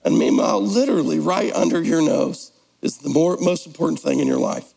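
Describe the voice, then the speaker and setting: A man's voice: a little high, lively intonation, brisk, creaky, darkish tone, in a large hall, poor audio. A man preaching a sermon as pastor, in a conversational, playful way, slipping into mock voices. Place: church sanctuary.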